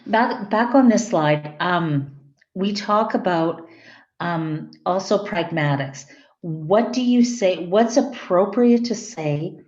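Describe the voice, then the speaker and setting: A middle-aged woman gives a conversational classroom lecture, checking in with her students as she goes. Her voice is fairly low and a little mellow, captured in an echoey, dull, lo-fi room recording.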